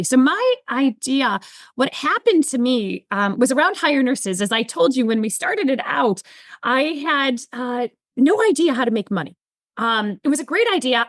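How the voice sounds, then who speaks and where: A woman's voice: high voice, fairly bright tone, no room sound, studio quality. A woman guest, a nurse entrepreneur, telling stories animatedly and acting out quoted dialogue. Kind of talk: storytelling in interview.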